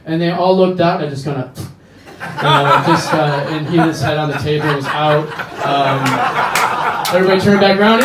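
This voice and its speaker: A man's voice: on the high side, animated, very noisy. American man doing crude stand-up. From United States. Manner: crude, rambling storytelling with quick voice switches. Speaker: stand-up comedian. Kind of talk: stand-up set. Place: bar comedy stage. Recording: echoey bar, mic heard from a distance.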